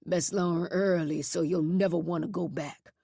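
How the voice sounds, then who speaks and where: A woman voicing a brutal, coarse male reformatory guard who speaks in a low, threatening drawl. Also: steady tone, normal speed, gravelly, mellow, husky, dry recording, clean studio sound. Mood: cold verdict.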